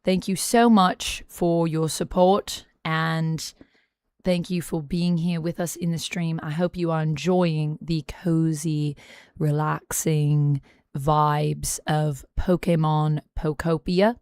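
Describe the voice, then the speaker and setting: A woman's voice: low voice, level tone, slow, darkish tone, clear, resonant tone, no room sound, clean studio sound. A young adult woman streamer chatting casually to viewers, attempting an Australian accent and thanking them earnestly. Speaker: live streamer. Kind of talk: casual live-stream chat.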